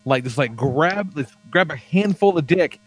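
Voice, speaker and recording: A man's voice: fairly high pitch, expressive, moderate pace. A man chatting casually on a podcast, swearing freely and rambling with lots of fillers as he tells stories. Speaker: podcast co-host.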